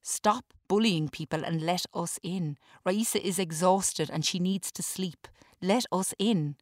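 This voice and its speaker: A woman's voice: fairly low pitch, measured pace, no room sound, studio quality, lightly acted. A woman reading a storybook, voicing a fierce grown daughter and protective mother who confronts her father. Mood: pleading. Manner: ferocious, then quieter and pleading.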